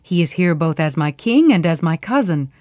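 Brief: nervous nobleman, low and mumbling, as a woman storyteller puts him on; dry close sound. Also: sing-song, moderate pace, a little mellow, no echo. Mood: fretful. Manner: mumbling, fretful, at times urgent. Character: troubled nobleman, anxious and wavering.

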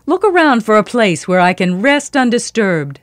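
A woman's voice: mid-range voice, big pitch swings, normal speed, no echo, clean studio sound, close to an everyday voice. A woman doing a commanding thunder god. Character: mighty hot-tempered male thunder god.

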